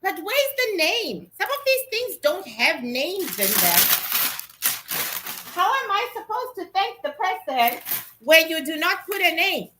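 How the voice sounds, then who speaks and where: Vlogger woman, 30s, high bright voice, slow excitable chatter, faint background noise. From Africa. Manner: excitable, exclaims often, chatty. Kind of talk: casual unboxing vlog.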